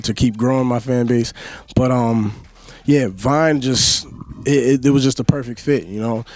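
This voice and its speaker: A young singer and Vine creator from Yonkers, New York, chats casually as a radio interview guest. His mid-pitched voice is easygoing with a darkish tone, and he rambles in a laid-back way, peppering his talk with "you know." There's no echo.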